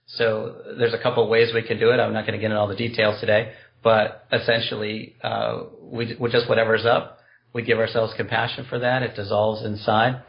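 A man's voice: fairly low pitch, level tone, brisk, vocal fry, lo-fi sound. A man being interviewed on a podcast, explaining a compassion practice in an earnest, explanatory way with spiritual wording. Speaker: guest, compassion practice teacher.

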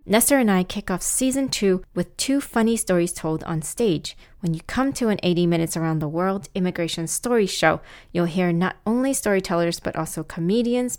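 Woman podcast host, scripted intro, lowish voice, music bed. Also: normal speed, a little mellow.

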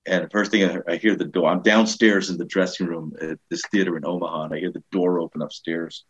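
An older comedian with a New York accent spins animated backstage anecdotes, slipping into quoted voices as he goes. His voice is husky and sits a little low. The recording sounds dull and lo-fi. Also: fast. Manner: animated, acts out quoted voices, frequent restarts. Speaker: comedian and guest. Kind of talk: casual anecdotal storytelling.

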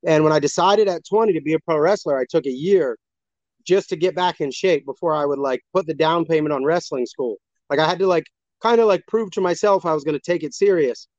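A man, a wrestler, chatting as a guest, a little out of breath. His voice sits a bit high and sounds dry and close, with a dull, lo-fi tone. He tells stories loosely and rambles. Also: brisk, dry recording. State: slightly out of breath. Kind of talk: casual chat on a stream.

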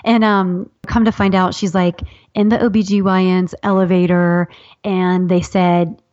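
A woman's voice: fairly low pitch, measured pace, dry recording, dull audio. Chatty woman telling funny stories. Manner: animated, acts out quoted voices, laughs often. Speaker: guest author. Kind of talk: casual storytelling chat.

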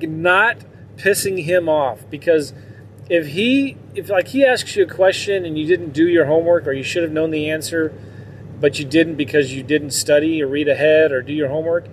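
A man's voice: fairly high pitch, normal speed, a little hiss or hum. A man talking casually and candidly to his viewers in a rambling way, with frequent laughs. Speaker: vlogger.

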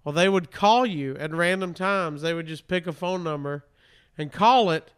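A man's voice: a little high, moderate pace, a bit bright, clear, resonant tone. A man, a radio host in casual chat, tossing in playful quips. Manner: playful interjections, mock British quips.

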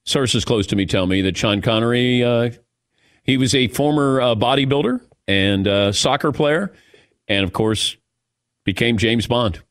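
A man hosting a sports talk show, chatting casually and telling lively stories. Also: medium pitch, measured pace, dry recording, studio quality. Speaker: sports radio host.

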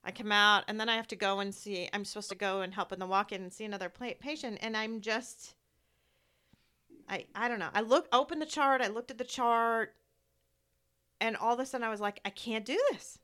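Smooth-voiced woman hosting a grief talk. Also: mid-range voice, fairly even intonation, a little fast, bright, forceful tone. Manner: heartfelt, storytelling, acts out quoted voices. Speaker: medical provider. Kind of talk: candid conversation about grief.

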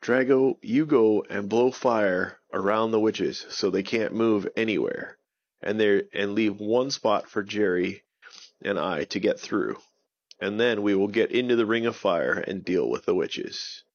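A man voicing a brave young male hero who leads his friends calmly. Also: on the low side, unhurried, no room sound, highs cut off. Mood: steady.

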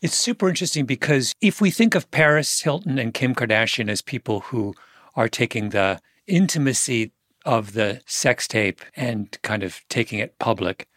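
A man's voice: mid-range voice, lively intonation, moderate pace, fairly bright tone, dry recording, clean studio sound. A man interviewing an author, asking inquisitive questions and building to emphatic points. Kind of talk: conversational interview.

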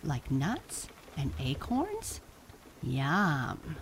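A woman's voice: low-pitched, wildly swooping pitch, drawn-out words, slight background noise, full character voice. A woman voicing a hungry, mildly grumpy little squirrel who sighs a lot.

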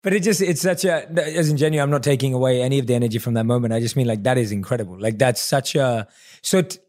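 Man hosting an interview podcast, mid-pitched voice, eager and rambling chat. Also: quick pace, darkish tone. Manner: enthusiastic, affirming interjections; rambling, restarting sentences. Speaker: podcast host.

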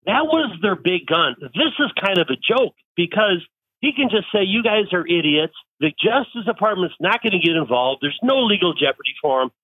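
A man calls in to a talk radio show and talks in halting, stammering bursts. His voice is fairly high and comes through a thin, tinny phone line. The sound is dry, with no room around it. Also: very animated, slightly rough, no echo. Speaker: caller. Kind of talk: call-in conversation.

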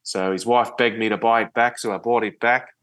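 A man telling a story in a relaxed interview, rambling with many restarts and often trailing off quietly. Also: fairly low pitch, fairly quick. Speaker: podcast guest, ocean rower. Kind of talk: casual interview chat.

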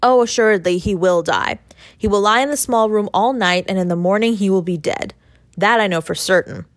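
A woman reading the part of a poor young Italian fisher lad who speaks gravely and earnestly. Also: mid-range voice, brisk, no room sound, clean studio sound, natural voice.

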